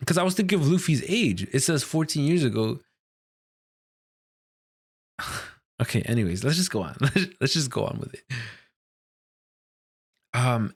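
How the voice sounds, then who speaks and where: Guy reacting to a comic chapter, hyped and slangy, keeps laughing, middle pitch voice. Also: a little slow, long pauses, breathy edge. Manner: excitable, laughs often, slangy. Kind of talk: casual reaction commentary.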